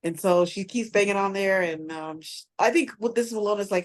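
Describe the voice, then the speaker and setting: A woman's voice: mid-range voice, a little fast, hardly any pauses. A woman co-hosting a podcast, casually retelling a TV episode in a rambling way with lots of fillers and restarts. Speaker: podcast co-host. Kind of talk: casual recap chat.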